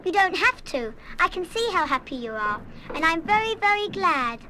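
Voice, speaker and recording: A woman's voice: very high voice, very animated, moderate pace. A woman playing a kind-hearted, impulsive boarding-school girl who frets over her mistakes, in 1970s radio play style. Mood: warm. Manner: earnest, fretful self-reproach. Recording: hissy old vinyl record.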